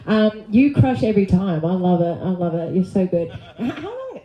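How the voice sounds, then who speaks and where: A woman hosting a comedy panel show, gushing and animated with the comics. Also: mid-range voice, normal speed, dull audio. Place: comedy club. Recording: echoey club with crowd.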